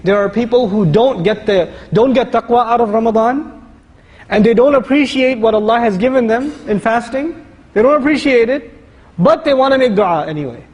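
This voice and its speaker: A man giving a lively, conversational sermon-style lecture, reciting Arabic verses and explaining them. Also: very high-pitched, moderate pace, big-room sound, rough recording. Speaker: Islamic lecturer.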